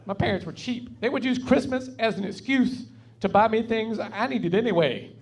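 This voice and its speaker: Speaking at a normal speed in a high, slightly rough voice, a North Carolina man with a Southern accent tells folksy, wry stories during a stand-up set. He's on a club stage, talking into the mic.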